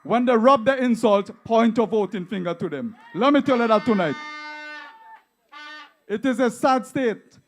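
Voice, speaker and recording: A Vincentian man giving a fiery, mocking campaign rally speech, often shouting to the crowd. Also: very high voice, lively intonation, moderate pace, slight background noise. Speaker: political rally speaker.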